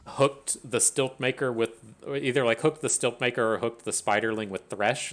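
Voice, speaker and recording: A man's voice: lowish voice, a bit bright. A man giving casual, rambling commentary on his own card game match, often restarting sentences and mocking his own misplays. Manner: rambling, self-deprecating, stammers and restarts. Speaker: gaming streamer.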